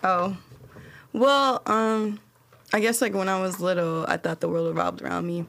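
A woman in a casual comedic chat. She tells a childhood story and acts out her own reactions with animated voices. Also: lowish voice, moderate pace, gravelly.

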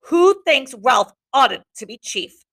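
A woman's voice: high-pitched, big pitch swings, takes it slowly, vocal fry, a bit bright, slightly rough, voice pushed up, exaggerated voice. A woman voicing a boastful, hostile boy leader of hunters in a read-aloud novel, speaking defiantly and insistently.

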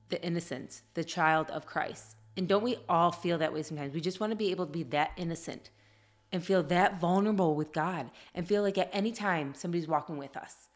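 Mom chatting on a podcast, earnest and heartfelt, kinda low voice for a woman. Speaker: podcast co-host. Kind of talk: casual chat.

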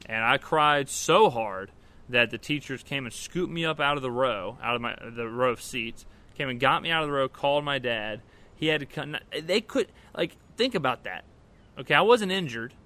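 A man telling a rambling personal story to camera, casual and animated, full of restarts. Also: mid-range voice, normal speed. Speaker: vlogger.

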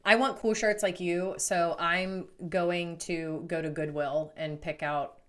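A woman's voice: on the low side, steady tone, takes it slowly, fairly bright tone. Chatty woman co-hosting a podcast. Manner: chatty, frequent "like" fillers. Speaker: podcast co-host. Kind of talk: casual chat.

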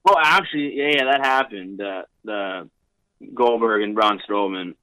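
Bright-toned young man chatting loosely. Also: fairly low pitch, moderate pace, no echo, low-quality recording. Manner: loose, rambling, heavy on fillers. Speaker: podcast guest, wrestler. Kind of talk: casual podcast chat.

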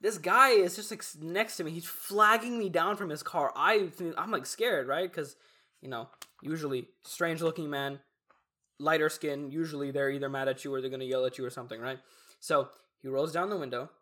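Young guy on a chill podcast, kinda high voice, really animated storytelling. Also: a little fast. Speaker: podcast co-host. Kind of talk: casual chat.

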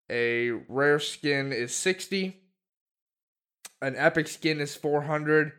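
A man's voice: mid-range voice, fairly bright tone, smooth. A man co-hosting a podcast in casual chat, rambling with many fillers and restarts. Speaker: podcast co-host.

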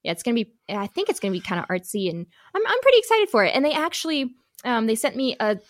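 A woman's voice: a little high, big pitch swings, fast talker, no room sound, studio quality. A young woman with a Midwestern accent chatting casually, rambling and self-deprecating with many restarts. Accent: Midwestern American. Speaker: actor and pianist. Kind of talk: casual chat.

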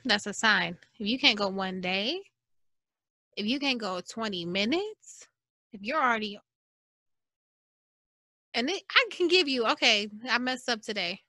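Woman w/ doing a solo podcast, chatty and animated, bright voice, dry close sound. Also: a little high, normal speed, long pauses, no room sound. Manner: chatty and expressive, mock-preaching asides. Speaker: podcast host. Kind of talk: casual solo podcast monologue.

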